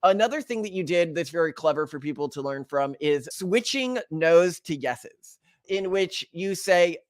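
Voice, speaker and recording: A man's voice: on the high side, animated, normal speed, no room sound. Dry-sounding analytical male podcast host. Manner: analytical, breaks down points for listeners. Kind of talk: conversational interview.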